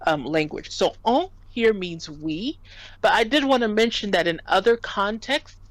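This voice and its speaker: A woman's voice: mid-range voice, expressive, normal speed, no room sound, rough recording. A woman tutoring French in a casual lesson, patiently explaining and spelling out words.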